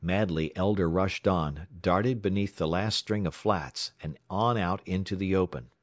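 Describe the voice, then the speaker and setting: Deep-voiced expressive male narrator. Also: measured pace, dry recording. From United States. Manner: expressive, dramatic storytelling. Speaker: audiobook narrator. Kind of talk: scripted narration.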